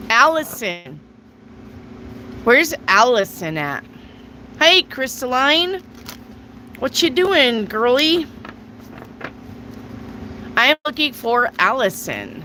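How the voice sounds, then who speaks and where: A woman's voice: on the high side, very animated, slow pace, long pauses, bright, forceful tone, a little hiss or hum, rough recording. A woman hosting a casual live tarot reading, chatty, reading viewer questions aloud and answering them. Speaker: tarot reader.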